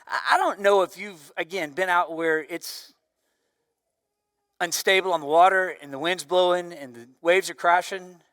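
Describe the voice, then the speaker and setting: A man preaching a sermon as pastor, with a loud voice that swings from forceful emphasis down to near-whispers. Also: sits high, steady tone, moderate pace, clean tone, dry recording, studio quality, in a large hall.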